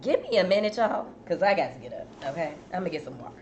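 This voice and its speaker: A woman's voice: on the low side, very animated, very fast, dull audio. A woman hosting a casual live chat, talking straight to her viewers and fighting a cough from a dry throat. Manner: chatty, addresses viewers as "y'all". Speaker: host. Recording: faint background noise.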